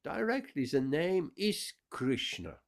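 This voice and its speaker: A man's voice: fairly high pitch, very animated, slow pace, vocal fry. A man giving a scripture class, explaining verses with emphatic repetition. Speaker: spiritual teacher.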